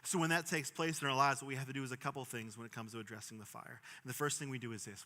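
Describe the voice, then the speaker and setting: A young man preaching a sermon as pastor, earnest, swinging from emphatic bursts to quiet, low stretches. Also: steady tone, very fast, big-room sound. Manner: earnest, rising to emphatic bursts then dropping soft.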